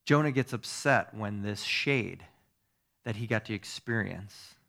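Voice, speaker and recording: A man giving a sermon as a pastor, teaching in a conversational way, checking in with his listeners through tag questions and moving between soft asides and emphatic stresses. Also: lowish voice, unhurried, vocal fry.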